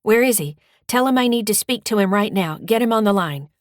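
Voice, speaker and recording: A woman putting on a gruff, barking Southern caller. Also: on the low side, animated, normal speed, no room sound, studio quality. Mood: demanding. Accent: slight Southern US.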